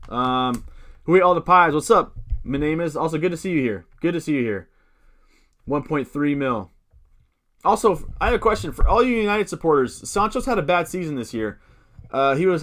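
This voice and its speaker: A man's voice: a little high, a bit bright. A man hosting a fantasy football live stream, answering chat questions in a rambling, upbeat way that keeps correcting itself.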